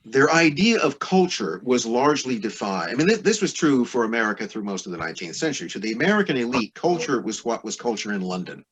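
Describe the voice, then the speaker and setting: A man's voice: medium pitch, sing-song, fast, few pauses, fairly bright tone, slight background noise. A man as a podcast guest, explaining history in a discursive, lecturing way full of asides.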